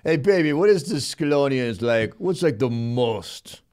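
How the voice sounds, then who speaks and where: A man's voice: mid-range voice, expressive, a little slow, a little mellow, lightly acted. A man playing a brash, goofy male show host in a Stallone style, speaking in a mumbling tough-guy drawl on a live comedy show. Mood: jokey. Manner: goofy, cheerfully bossing the sidekick and crew.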